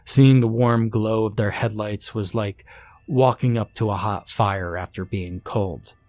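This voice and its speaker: A man reading a first-person creepypasta horror story aloud in a slow, hushed, somber narration. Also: on the low side, fairly even intonation.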